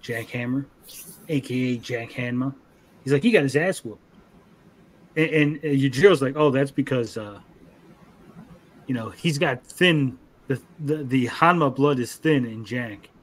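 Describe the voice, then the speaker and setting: A young man co-hosting a casual anime review, animated, acting out character lines in funny voices. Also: medium pitch, a little slow, pauses often. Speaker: podcast co-host.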